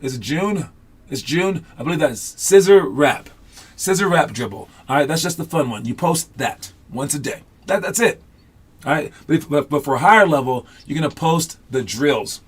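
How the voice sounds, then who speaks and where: A man coaching basketball in a casual online class, loose and chatty with many fillers, upbeat and encouraging. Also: on the high side.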